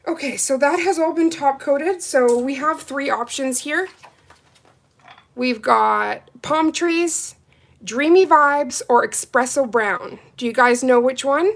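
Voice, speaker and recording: A woman with a somewhat high voice hosts a live nail art stream. She chats loosely with her viewers, reads out their comments and answers them as she goes, swinging between relaxed talk and excitement. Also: takes it slowly, creaky. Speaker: nail livestream host. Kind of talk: casual livestream chat with viewers.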